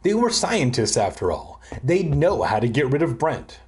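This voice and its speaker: A man's voice: mid-range voice, lively intonation, normal speed, few pauses, darkish tone. A young man giving a comedic reading of a children's book, breaking off for crude, irreverent asides. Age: young adult. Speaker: reader.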